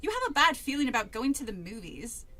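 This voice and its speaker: A woman's voice: on the high side, big pitch swings, fast. A woman voicing a bossy young girl in a put-on British accent, scolding her little brother. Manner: sharp, scolding.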